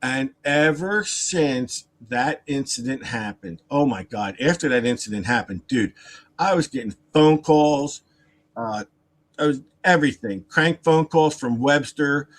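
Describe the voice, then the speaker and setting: A man with a medium-pitched voice and a measured pace spins a long, casual story on a live stream, animated and wandering. He repeats himself, slips in asides and laughter, and performs other people's lines.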